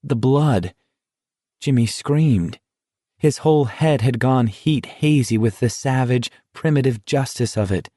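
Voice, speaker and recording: A man reading an audiobook as narrator in a measured, tense dramatic style. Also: mid-range voice, warm tone, no echo, clean studio sound. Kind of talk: scripted narration.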